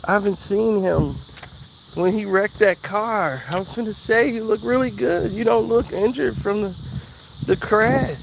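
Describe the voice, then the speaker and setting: A high, flustered young woman rushes through an apology in a story told outdoors, as a man puts her on. She sounds embarrassed and eager to make it right. Insects chirp steadily behind. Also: creaky, noisy background.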